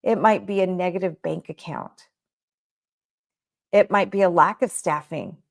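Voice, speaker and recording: A woman's voice: on the low side, animated, a little slow, creaky. A woman coaching child care business owners in a motivational talk, emphatic and full of repeated rhetorical questions.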